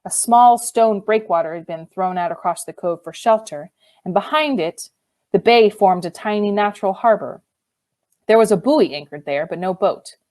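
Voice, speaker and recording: A woman narrating a novel in the first person, measured and expressive. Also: mid-range voice. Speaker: audiobook reader.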